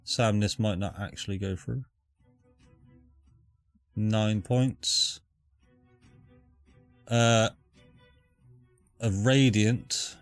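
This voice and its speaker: A man's voice: on the low side, fairly even intonation, extremely slow, long pauses, dry recording, soft background music. A man running a tabletop game as dungeon master, easygoing and thinking aloud over the rules.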